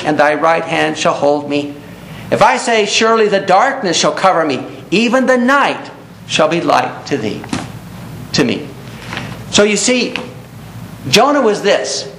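High-voiced man preaching in echoey hall. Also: a bit bright. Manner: earnest, reads scripture aloud in King James wording. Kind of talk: sermon. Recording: echoey room with faint rumble.

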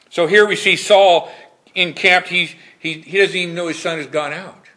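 A man's voice: high voice, steady tone, moderate pace, sharp tone. A man preaching a Bible study. He reads scripture verses formally, then comments on them in a conversational way and asks his congregation questions.

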